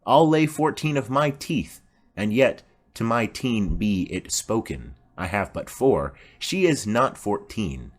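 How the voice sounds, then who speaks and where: A man's voice: lowish voice, lively intonation, takes it slowly. A man voicing a chatty, rambling old female nurse in an audiobook play reading. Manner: rambling, garrulous.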